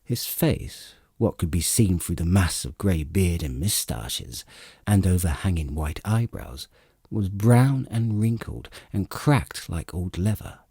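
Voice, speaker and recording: Male audiobook narrator, low and mellow, lively pitch, husky tone. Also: slow pace, no echo, clean studio sound. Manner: expressive storytelling.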